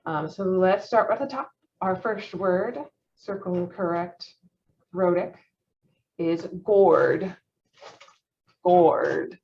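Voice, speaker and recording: Young female instructor, low-ish voice, encouraging and giggly, muffled lo-fi recording. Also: takes it slowly. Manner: encouraging, praises answers, laughs often. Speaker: phonetics practice leader. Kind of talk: teaching an online phonetics practice session. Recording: dull muffled lo-fi audio.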